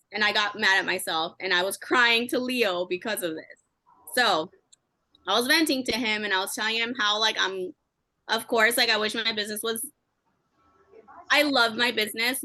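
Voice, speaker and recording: Bright-voiced woman, chatty and candid. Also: medium pitch, no echo. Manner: emotional, candid, fast and chatty. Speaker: team member sharing advice. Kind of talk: candid motivational chat.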